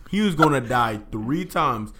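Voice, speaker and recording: A man co-hosting a casual podcast, talking about an anime episode in an animated way, swearing and often restarting his sentences. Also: mid-range voice, slow pace, a little hiss or hum. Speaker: podcast co-host.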